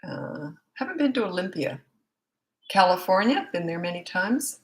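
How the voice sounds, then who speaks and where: A Canadian woman hosts a live-stream parenting Q&A on her own microphone. Her voice sits a little low, and she talks in a chatty, frank way. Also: big pitch swings, moderate pace, poor audio. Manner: chatty and frank, greeting viewers by place. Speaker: parenting coach. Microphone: own set-up microphone.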